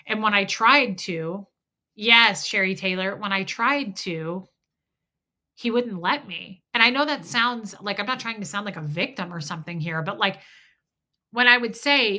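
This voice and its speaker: Speaking at a normal speed in a mid-range, pushed and bright voice, a middle-aged livestream host rambles frankly and calls out viewers by name. Her nose is a little stuffy.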